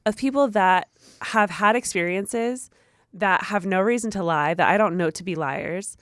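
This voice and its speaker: A woman's voice: mid-range voice, moderate pace, no room sound, studio quality. A young woman co-hosting a podcast, chatting earnestly and reading a listener's story aloud. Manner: earnest, storytelling, stops to restate details. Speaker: podcast co-host.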